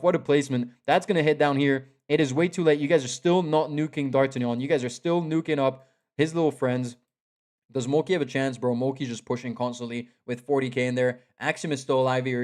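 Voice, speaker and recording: A young man streaming live commentary on a competitive game. His voice sits slightly high for a man. He is excitable, often repeats himself, and shouts advice at the players directly. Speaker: esports caster.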